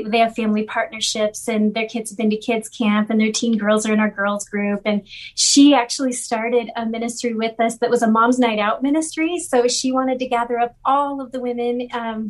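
A woman guest from a refugee ministry recounts stories with eager, heartfelt enthusiasm, peppering her talk with ums and you-knows. Her voice sits a little higher than most. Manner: warm, enthusiastic storyteller with many fillers. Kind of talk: storytelling in an interview.

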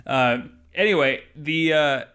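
A man's voice: fairly high pitch, takes it slowly, a bit bright, smooth. A man co-hosting a podcast in casual chat, rambling and joking with many fillers. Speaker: podcast co-host.

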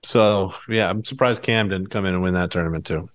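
A man's voice: sits low, brisk. A man in casual chat, telling a story with animation, laughing as he goes and acting out the voices of the people in it. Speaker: podcast co-host.

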